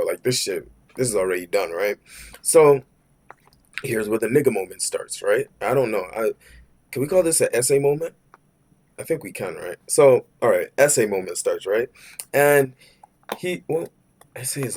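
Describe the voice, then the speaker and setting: A man's voice: on the low side, a little mellow. A young man telling a work story in a rambling, slangy storytime rant, cursing and saying "bro" constantly. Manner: rambling, with many fillers and restarts.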